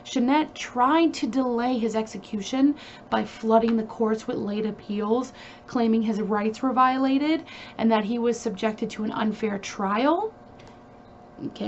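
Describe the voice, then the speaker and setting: A woman's voice: a little high, dull audio, slight background noise. A woman hosting a casual true crime video, talking in a chatty, emphatic way with frequent fillers and asides.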